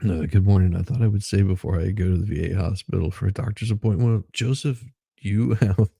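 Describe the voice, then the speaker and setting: A man's voice: sits low, steady tone, a little fast, gravelly, mellow, husky, no echo. A man hosting a casual morning livestream, laughing often and greeting chat viewers by name. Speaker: livestream host.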